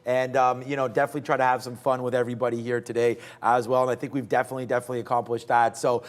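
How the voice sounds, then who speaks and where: A man's voice: medium pitch, level tone, rapid-fire. A man hosting a morning trading show, signing off in an upbeat, thankful, slangy way. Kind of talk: casual show sign-off.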